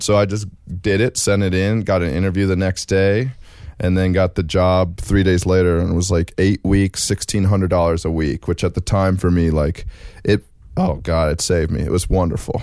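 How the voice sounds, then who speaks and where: A man's voice: low-pitched, level tone, normal speed, darkish tone, dry recording, clean studio sound. A man, a comedy writer guest, telling a story with animation in casual talk. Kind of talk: casual chat.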